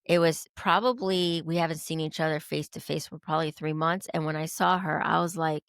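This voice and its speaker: A woman guest telling a personal story in a lively way, acting out the dialogue she quotes. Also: sits low, fairly quick, few pauses, no echo, clean studio sound. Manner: animated, acts out quoted dialogue. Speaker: podcast guest.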